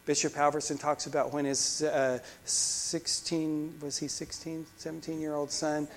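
A man's voice: a little high, level tone, a little slow, a little hiss or hum. A man preaching a sermon as pastor, fervent, with frequent repeated restarts.

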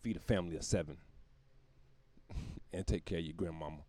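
A man's voice: low voice, fairly quick, warm tone, a little hiss or hum. A man hosting his own podcast, rambling through a profane comedic monologue and laughing at his own jokes. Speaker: podcast host.

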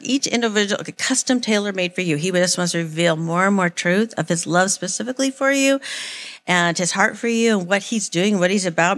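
Earnest woman giving a casual sermon. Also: mid-range voice. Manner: earnest, rambling, with frequent likes and restarts. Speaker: church speaker. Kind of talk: informal sermon.

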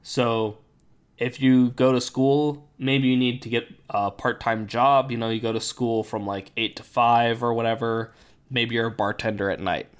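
A man hosting a casual podcast chat, explaining things in a relaxed way with many fillers while his voice is going hoarse. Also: medium pitch, moderate pace. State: losing his voice. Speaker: podcast host.

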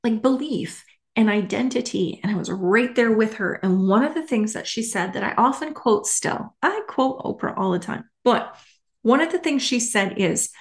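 A woman's voice: on the high side, lively intonation, normal speed. A woman hosting a solo podcast, talking in a candid, emphatic way and swearing casually. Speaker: podcast host.

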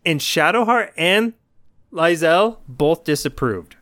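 A man co-hosting a podcast, telling an animated story in casual chat and acting out his own lines. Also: on the high side, unhurried, no echo, clean studio sound. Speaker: podcast co-host.

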